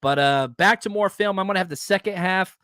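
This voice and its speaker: Podcast host, man, higher voice, heated profane rants, dry close sound. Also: a little fast, pushed and bright, smooth, dry recording. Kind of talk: casual sports podcast talk.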